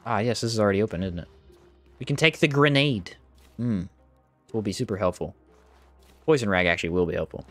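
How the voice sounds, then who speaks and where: Casual live commentary from a male streamer who reads viewer messages and reacts to the game, with his pitch spiking when surprised. He talks a little fast but pauses often. The recording is dry, with faint music behind him.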